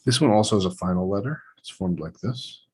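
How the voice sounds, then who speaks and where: A man with a deep, slightly husky voice leads a hands-on lettering lesson. He narrates each stroke as he draws, in short phrases that trail off and pick back up. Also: fairly quick, dark tone, poor audio. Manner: thinking aloud while drawing letters, short trailing phrases. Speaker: Hebrew lettering teacher. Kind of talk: relaxed instructional demonstration.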